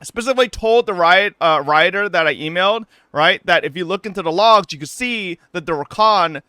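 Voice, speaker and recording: Young male streamer, bright lively voice, swears freely, dry close sound. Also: high-pitched, fairly quick, clear, resonant tone, no room sound. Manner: profane, animated, frequent "right?" tags. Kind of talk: casual ranting story to chat.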